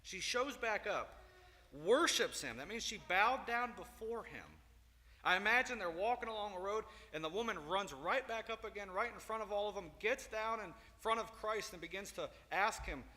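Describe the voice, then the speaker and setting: A man teaching a Sunday school Bible lesson, telling the story with animated, acted-out quotes. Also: high-pitched, moderate pace. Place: church hall. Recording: long reverb in a hall.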